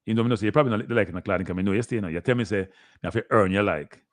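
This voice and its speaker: A man's voice: on the low side, racing, dry recording. A middle-aged man with a Jamaican accent, hosting a live sports show in a chatty, repetitive way and talking straight to his viewers. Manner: chatty, repeats himself, talks straight to viewers. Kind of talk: casual live-stream commentary.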